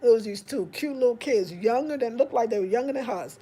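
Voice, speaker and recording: Animated African American woman storyteller. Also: on the high side, brisk, breathy edge. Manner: animated, acts out quotes in raised voice. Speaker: vlogger. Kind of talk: casual storytelling.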